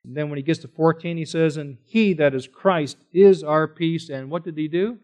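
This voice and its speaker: A man's voice: a little high, a little fast. A man preaching a sermon, reading scripture aloud and working through it verse by verse, asking questions and then answering them. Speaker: pastor.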